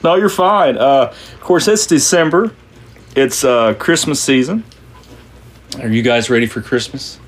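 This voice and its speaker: An unhurried man with a medium-pitched voice hosts a podcast. It's a loose, joke-telling chat, and he rambles with plenty of fillers and false starts.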